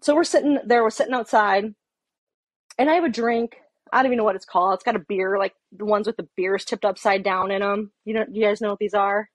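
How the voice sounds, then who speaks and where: A woman's voice: medium pitch, fairly quick, no echo. A middle-aged woman and police officer, telling a story in casual talk, swearing and acting out heated quotes. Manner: profane, animated, acts out heated quotes.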